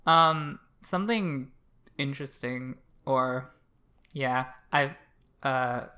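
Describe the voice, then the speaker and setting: A chatty co-host reviewing an anime episode, loose and animated, with plenty of "like" and "um". The voice is bright and forward, with swearing mixed into fast asides. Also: medium pitch. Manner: chatty, animated, many fillers and acted asides. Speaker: podcast co-host. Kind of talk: casual anime review chat.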